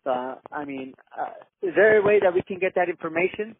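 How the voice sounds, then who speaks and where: A man's voice: sits high, a little fast, a little hiss or hum. A man working as a scam caller, polite and hesitant, often holding back laughter. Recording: tinny phone line.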